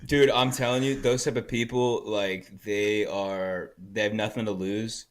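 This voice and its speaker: A man's voice: fairly low pitch, fairly even intonation, a little slow. A man chiming in with teasing questions and laughs in casual podcast chat.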